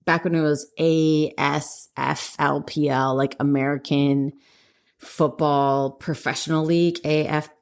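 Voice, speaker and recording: A woman's voice: deep voice, fairly even intonation, a little slow. A woman, co-hosting a podcast in casual chat. She rambles, corrects herself often and laughs as she talks. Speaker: podcast co-host.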